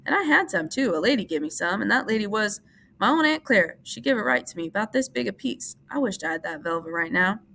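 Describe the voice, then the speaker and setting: A woman's voice: mid-range voice, lively intonation, brisk, vocal fry, fairly bright tone, pitched above the performer's own voice. Woman doing Lennie, a childlike ranch hand. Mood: eager. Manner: earnest pleading, childlike. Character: big simple-minded ranch hand man, childlike, fearful.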